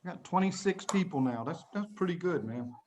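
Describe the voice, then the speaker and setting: A man's voice: a little high, animated, fairly quick, a little hiss or hum. A man teaching an online English lesson to children, explaining words patiently and plainly, laughing often, over a video call. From United States.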